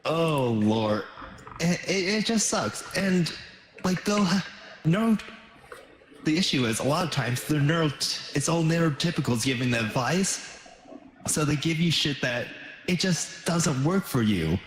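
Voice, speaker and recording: A man chatting casually on a gaming stream, blunt and swearing freely, speaking in quick bursts. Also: fairly high pitch, expressive. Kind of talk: casual chat. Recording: echoey room with faint noise.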